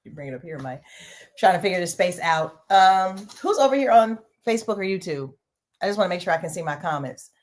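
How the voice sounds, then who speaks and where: A woman with a slightly low voice hosts a casual livestream from a small home studio. She chats loosely and warmly with the viewers, talking directly to them. Her delivery stays relaxed and conversational. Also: a little fast. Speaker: host.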